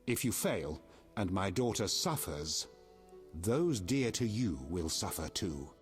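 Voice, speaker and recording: A stern middle-aged king gives commands and quiet threats in a deep voice with lively ups and downs. His delivery is measured and menacing, set over soft game music. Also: full character voice. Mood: commanding. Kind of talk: video game dialogue.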